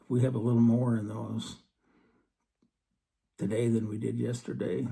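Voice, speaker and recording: A man giving an earnest scripture study talk, reading verses slowly and then explaining them. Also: mid-range voice, flat delivery, gravelly, dark tone. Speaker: religious teacher.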